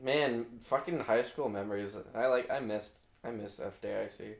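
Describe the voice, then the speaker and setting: A man's voice: mid-range voice, normal speed, gravelly. A young man chatting casually on a podcast, blunt with crude asides. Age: young adult. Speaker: podcast co-host. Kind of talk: casual chat. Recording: roomy echo.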